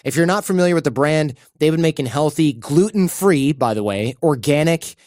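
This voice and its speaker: A man's voice: on the high side, lively intonation, moderate pace, a little mellow, dry recording, clean studio sound. A man hosting a podcast, reading sponsor spots in a loose, chatty way and briefly acting out little quoted voices. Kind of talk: casual ad read with banter.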